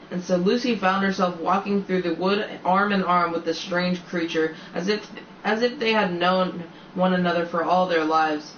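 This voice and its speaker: Man, storybook read-aloud, stumbles and restarts, high voice, echoey room, slightly dull sound, faint background noise. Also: fairly bright tone. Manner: unrehearsed, with frequent stumbles and restarts. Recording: roomy, slightly dull home recording.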